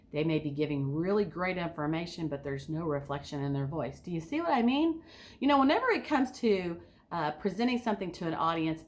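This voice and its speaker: An enthusiastic woman giving an instructional talk as a speaking coach, asking her listeners direct questions. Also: medium pitch. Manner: enthusiastic, sometimes overly excited.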